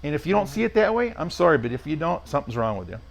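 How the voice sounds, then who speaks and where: A man in his sixties, a retired race car driver as a podcast guest, telling stories in a blunt, rough-spoken, rambling way. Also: fairly high pitch, sing-song, rapid-fire. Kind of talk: casual storytelling interview.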